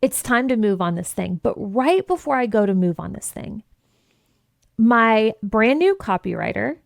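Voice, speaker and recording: Fairly high voiced woman host telling a story, lively, cusses a lot, acts out the dialogue, dry close sound. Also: unhurried, creaky, no echo. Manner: animated and expressive, swears freely, acts out dialogue. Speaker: podcast host and business coach. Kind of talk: candid storytelling monologue.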